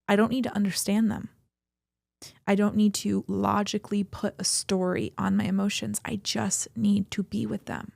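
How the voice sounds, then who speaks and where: A woman's voice: medium pitch, creaky, a little mellow, no room sound, studio quality. A young adult woman co-hosting a podcast, talking earnestly and reflectively about her feelings in a flowing, emphatic way. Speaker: podcast co-host. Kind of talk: reflective personal talk.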